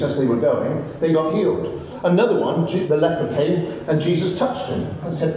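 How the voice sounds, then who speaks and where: A man preaching a sermon, telling Bible stories with animated, rising exclamations. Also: on the high side, moderate pace, few pauses. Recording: distant, roomy, dull recording with faint noise.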